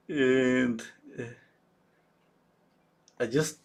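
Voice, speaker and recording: A man's voice: medium pitch, fairly even intonation, takes it slowly, pauses often. A man in his thirties, a painter telling a story in a rambling, casual way while he paints. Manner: rambling, fillers and restarts, chuckling.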